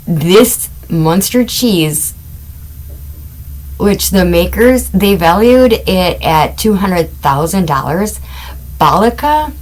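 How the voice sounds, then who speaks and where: A middle-aged woman hosts a casual crime podcast, telling stories with chatty asides and amused laughter. Her voice is lowish, and the recording is low quality.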